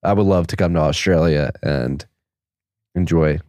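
A man's voice: extremely low pitch, moderate pace, mellow, no echo, studio quality. A man co-hosting a podcast in casual chat, loose and rambling with many fillers. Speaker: podcast co-host.

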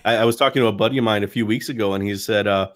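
A man, a comics creator, chatting casually as a podcast guest and rambling through anecdotes with quick voiced-out quotes. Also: fairly low pitch, fairly even intonation, no echo, clean studio sound. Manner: rambling, storytelling with put-on quotes.

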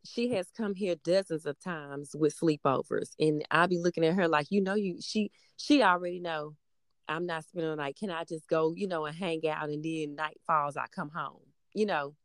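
A woman's voice: sits low, moderate pace, no room sound, studio quality. A woman in her thirties, a mother, talking casually and rambling with many fillers. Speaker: mother of a middle-school daughter. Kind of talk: casual conversation.

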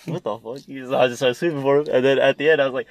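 A man's voice: medium pitch, fairly even intonation, rapid-fire, no echo. A young man telling rambling, profane stories in casual chat between friends. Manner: rambling, profane storytelling with slang.

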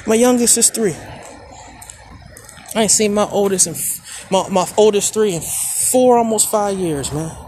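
A man's voice: high voice, unhurried, pauses often, slight background noise. Candid man venting on his podcast. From Maryland, US. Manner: emotional, candid, slangy, swings from quiet to heated. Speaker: podcast host. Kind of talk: personal monologue.

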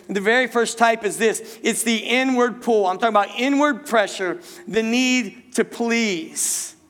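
A man's voice: high-pitched, fairly bright tone. A male pastor preaching a sermon to his church. He repeats himself, stumbles on words and keeps asking the congregation rhetorical questions. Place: church sanctuary. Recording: long reverb in a hall.

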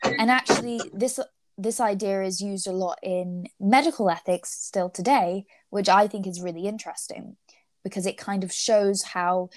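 A woman's voice: medium pitch, steady tone, normal speed, a little hiss or hum. A young woman co-hosting a casual discussion of ethics, thinking aloud with frequent hesitations and fillers.

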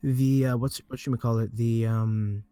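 A man co-hosting a casual gaming talk show, talking in halting starts and restarts as he reasons things through. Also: mid-range voice, fairly even intonation, warm tone, clean tone, no echo, soft background music. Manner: halting, restarts, thinks aloud. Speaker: podcast co-host.

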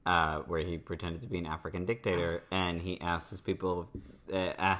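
A man's voice: sits low, little pitch movement, normal speed, a bit bright. A young man co-hosting a casual political chat, dry and amused as he tells stories. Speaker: podcast co-host.

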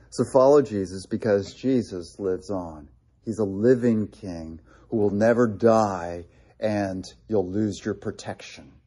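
A man preaching a sermon in an earnest manner, with quick asides and repeated restarts. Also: medium pitch, warm tone, slightly rough. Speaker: pastor.

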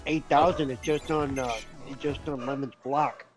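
A man's voice: mid-range voice, fairly even intonation, normal speed, faint music behind, poor audio. A man co-hosting a casual gaming podcast, explaining things at length and laughing at himself. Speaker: podcast co-host. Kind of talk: casual group chat.

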